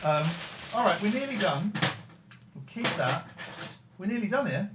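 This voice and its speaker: A man's voice: high-pitched, big pitch swings, normal speed, long pauses, a little hiss or hum. Teasing man hosting a live show. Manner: playful, teasing, sudden loud outbursts. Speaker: radio host. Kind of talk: casual live show banter.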